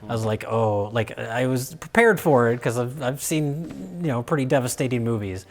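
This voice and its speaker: A man co-hosting a casual film review chat, animated, swearing and laughing often. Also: medium pitch, moderate pace.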